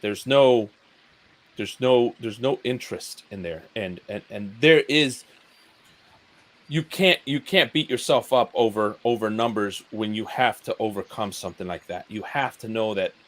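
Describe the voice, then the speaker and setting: A man's voice: fairly low pitch, measured pace. A man sharing his thoughts in a casual live stream chat, earnest and prone to repeating words. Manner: earnest, repeats words, mimics a dull flat speaker. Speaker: YouTuber guest.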